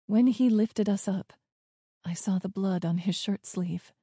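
A woman reads a first-person story slowly, with a soft, breathy edge. Her telling is tense and hushed. The sound is dry and close, with no room around it. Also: medium pitch, no echo. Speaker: audiobook narrator.

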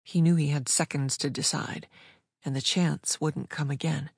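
A woman with a low-pitched voice reading a story aloud, smooth and measured in her delivery. The recording is dry and close, with no room sound around her. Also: steady tone, darkish tone, no room sound. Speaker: audiobook narrator. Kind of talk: scripted narration.

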